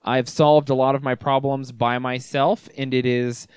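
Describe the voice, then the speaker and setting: A woman's voice: a bass voice, level tone, normal speed, a little mellow, smooth, no room sound. A young woman co-hosting a podcast, giving dry, laid-back replies in casual chat. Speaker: podcast co-host.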